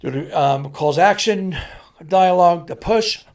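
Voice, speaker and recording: A man, a stuntman guest, telling animated on-set stories and acting out the voices of the people in them. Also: high-pitched, a little slow. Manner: animated, acts out voices in anecdotes. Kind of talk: animated storytelling.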